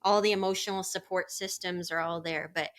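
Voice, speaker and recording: A woman's voice: on the low side, fairly even intonation, brisk, fairly bright tone. A woman co-hosting a podcast in casual chat, a parent in her thirties who tells funny stories and acts out the quotes. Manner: laughing storyteller, voices quotes. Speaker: podcast co-host.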